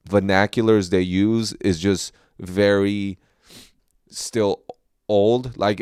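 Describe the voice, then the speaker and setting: A young man, a comedian hosting a podcast, talking in a casual, rambling way with many fillers and animated jumps in pitch. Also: clean tone, no echo, clean studio sound.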